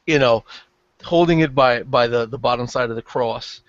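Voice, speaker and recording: Gravelly man playing a tabletop game. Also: mid-range voice, normal speed, dry recording. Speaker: player. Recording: dry, muffled lo-fi audio.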